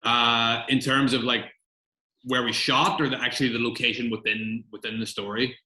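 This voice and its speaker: Chatty man, bright voice. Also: mid-range voice, little pitch movement, a little fast, roomy sound, poor audio. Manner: chatty, rambling, many fillers and restarts. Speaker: film director. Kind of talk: casual interview answers.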